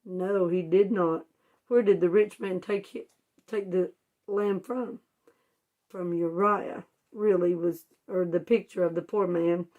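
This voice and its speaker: A woman's voice: fairly low pitch, steady tone, slow pace, phone-quality sound. A woman teaching children a Bible story in homespun, informal words, asking them questions and answering them herself. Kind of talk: storytelling Bible lesson for kids.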